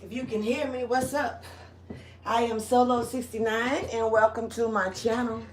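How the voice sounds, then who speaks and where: A woman's voice: on the high side, steady tone, moderate pace, slight background noise. A woman giving a casual monthly astrology reading as a tarot reader, laid-back and rambling, laughing often.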